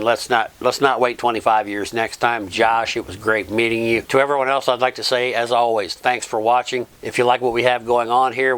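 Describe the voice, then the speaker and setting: A man's voice: mid-range voice, a bit bright, clean tone. A middle-aged man hosting a travel vlog, recapping the trip in a plain, earnest way and thanking friends. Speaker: vlog host. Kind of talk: casual travel vlog narration.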